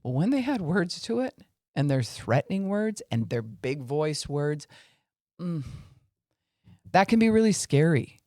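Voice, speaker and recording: A man's voice: fairly high pitch, very animated, measured pace, warm tone, dry recording, clean studio sound. Earnest man teaching about faith. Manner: earnest, acts out angry and weary voices to illustrate. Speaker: Christian podcast speaker. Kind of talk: teaching talk on faith and family.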